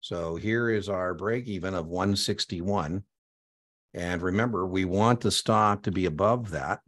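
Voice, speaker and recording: Very deep-voiced energetic male instructor. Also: unhurried. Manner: energetic and conversational, punctuating points with "boom". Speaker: exam prep instructor. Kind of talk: live online lecture.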